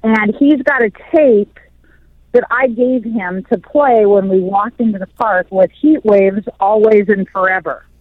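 A woman's voice: mid-range voice, measured pace, dry recording. A woman in her fifties, a radio host telling stories in casual chat, laughing easily. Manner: chatty storyteller, laughs easily. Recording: dull dry radio sound.

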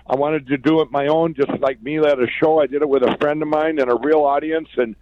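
A man from Minnesota talks as an interview guest, recounting his business story with restless excitement. He restarts sentences often and piles on fillers. His audio sounds muffled and lo-fi. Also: fairly high pitch, brisk, no room sound. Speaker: guest, pillow company founder. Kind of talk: conversational storytelling.

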